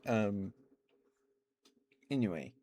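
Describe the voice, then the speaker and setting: Guy doing a chill asmr stream, kinda low voice, rambly, laughs a lot, greets chat. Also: lively intonation, drawn-out words, noisy background. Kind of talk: soft-spoken chatty storytelling stream.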